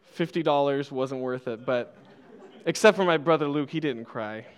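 Laughing young preacher with a smooth voice. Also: male voice, medium pitch, moderate pace. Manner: playful, laughs often, self-deprecating. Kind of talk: sermon with personal stories. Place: church.

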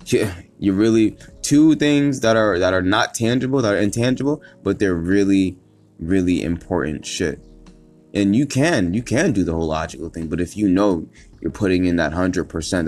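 A man's voice: sits low, moderate pace, darkish tone. A man hosting a solo motivational podcast, talking emphatically, swearing a lot and repeating himself as he pushes through. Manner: emphatic, repetitive and profane, with many restarts. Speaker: podcast host.

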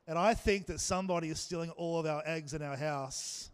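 A man's voice: a little high, a little fast, smooth, long reverb tail. A man, preaching a sermon and joking with the congregation. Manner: jokey, chatty with the congregation. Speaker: pastor. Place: church hall.

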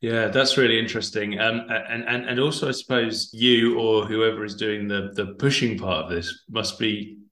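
A man's voice: lowish voice, fairly even intonation, normal speed, few pauses, pushed and bright, reverberant. A man hosting an interview, asking questions hesitantly, repeating words and laughing easily. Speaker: podcast host. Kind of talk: casual interview talk.

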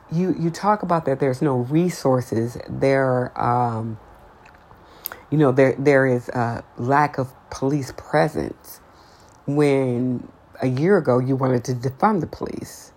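A woman's voice: very deep voice, takes it slowly, darkish tone, slight background noise. A woman hosting a podcast, giving her blunt, outspoken opinions in a casual monologue, her voice climbing when she gets heated. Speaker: podcast host.

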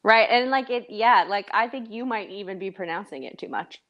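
The audio is dull as a woman from Tennessee, medium-pitched and moderately paced, co-hosts a casual podcast chat. She has a light Southern accent and is fond of "like" and "um."

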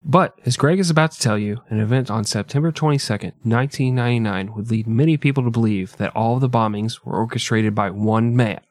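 A man's voice: medium pitch, a little fast, few pauses, a little mellow, dry recording. A man hosting a casual comedy podcast, reading history and joking. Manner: joking, swears freely. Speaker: podcast host.

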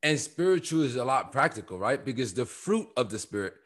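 A man co-hosting a church podcast, talking through Bible verses in an emphatic, animated preaching manner. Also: medium pitch, fairly quick. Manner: emphatic, animated, quotes scripture with rising fervor. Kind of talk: preaching conversational Bible talk.

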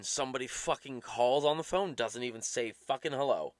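A man's voice: mid-range voice, a little fast, few pauses, no room sound. Profane, ranting young man, dry sound. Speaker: podcast host. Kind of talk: casual rambling rant.

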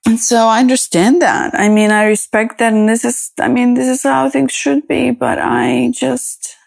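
A woman hosting a personal podcast, talking in a halting, reflective way with many fillers and restarts, emotional and close to tears. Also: on the high side, little pitch movement, vocal fry, darkish tone, no room sound. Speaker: podcast host.

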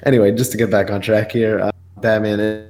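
A man's voice: on the low side, level tone, a little fast, darkish tone. A young man, co-hosting a casual podcast and recapping a comic in a rambling, filler-heavy way. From New York. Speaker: podcast co-host. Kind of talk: casual chat.

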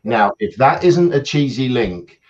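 A man's voice: mid-range voice, sing-song, unhurried, highs cut off, heavy background noise. A man, a coach, telling self-mocking anecdotes in casual chat on a video call.

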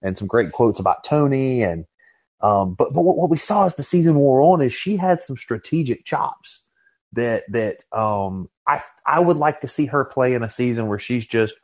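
A man hosting a casual podcast, talking in a relaxed way with fillers and restarts. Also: medium pitch, moderate pace. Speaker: podcast host. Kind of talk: casual chat.

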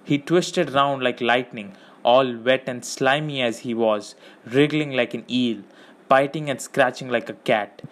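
A man narrating an audiobook with steady, measured reading. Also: medium pitch.

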